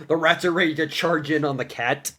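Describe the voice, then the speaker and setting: A young man casually retelling a tabletop game session, animated and laughing as he goes. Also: fairly high pitch, a little fast. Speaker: player recapping a campaign. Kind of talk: casual storytelling recap.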